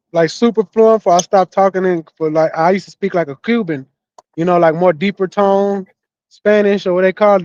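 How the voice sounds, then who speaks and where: High-voiced man, dull dry lo-fi audio. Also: a little mellow, no echo. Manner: loose, profane storytelling with frequent laughs. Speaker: podcast co-host. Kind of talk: casual chat.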